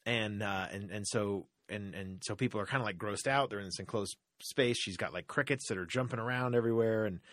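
A man's voice: lowish voice, brisk, hardly any pauses, no echo, clean studio sound. A man telling a long story in a casual, profane, rambling way, full of fillers. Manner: profane, rambling, animated retelling with many fillers.

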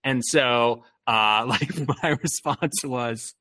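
A man's voice: mid-range voice, takes it slowly, pushed and bright. A man telling a casual story, rambling with lots of fillers and swearing freely. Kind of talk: casual chat.

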